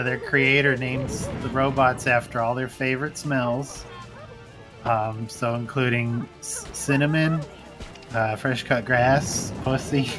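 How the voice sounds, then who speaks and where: A streamer chatting casually and joking while playing a game, laughing often. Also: mid-range voice. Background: game music.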